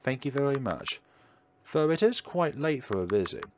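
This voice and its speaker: Casting: a man doing a gentle, wistful forest witch for a game, lonely and motherly, with a lively, swooping delivery. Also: medium pitch, normal speed, slight background noise, voice pushed up, lightly acted. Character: lonely motherly woman witch living in woods. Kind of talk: reading game dialogue aloud.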